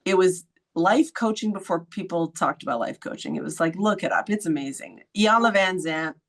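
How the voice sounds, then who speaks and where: A woman hosting a podcast, telling a story in a casual, blunt way, swearing freely and acting out quoted voices with sudden high jumps. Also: normal speed, fairly bright tone. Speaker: podcast host.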